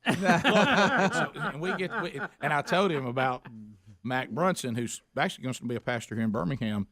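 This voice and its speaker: Man, radio host, story-telling, voices the people in his stories, mid pitch, dry close studio sound. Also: lively intonation, fairly quick, a bit bright, no room sound. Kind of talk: casual talk-radio storytelling.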